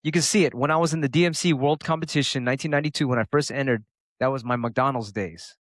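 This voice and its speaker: A man's voice: mid-range voice, quick pace, no room sound. A middle-aged man from the United States, a turntablist guest, talking casually and profanely in an interview, acting out quotes. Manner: profane, animated, acts out quotes.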